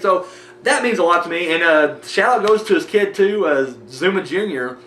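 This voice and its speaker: A man's voice: high voice, expressive, a little fast, fairly bright tone, echoey room, a little hiss or hum. An American man rambling casually with many fillers while thanking his viewers in a vlog. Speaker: movie review vlogger.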